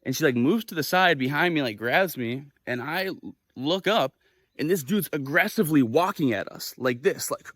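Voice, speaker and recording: A young man telling a story in a casual vlog, animated and swearing freely as he acts out the quoted voices. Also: on the high side, normal speed, no echo. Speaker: vlogger. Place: living in Japan.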